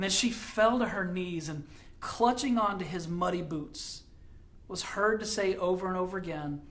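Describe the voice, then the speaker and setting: A middle-aged man, a pastor, telling a story in a sermon, dramatic and dropping quiet for quoted lines. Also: sits high, normal speed.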